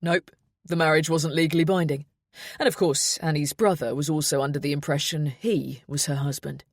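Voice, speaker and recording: A brisk, businesslike man, read by a woman narrator. Her voice is low and dry, close to the mic. He delivers each point plainly in this storybook reading. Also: steady tone, no echo.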